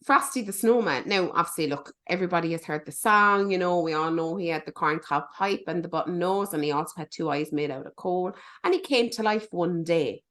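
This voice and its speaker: Woman, podcast co-host, bright tone, chatty and animated. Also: fairly low pitch, brisk, few pauses. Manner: chatty, animated, swears for emphasis. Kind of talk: casual movie review chat.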